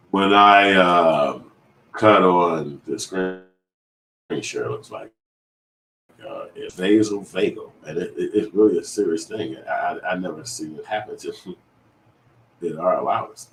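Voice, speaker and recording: A man's voice: sits low, a bit bright, echoey room, far from the mic, slight background noise, low-quality recording. A middle-aged man telling a personal story in a loose, profane, rambling way, full of restarts. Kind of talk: casual storytelling.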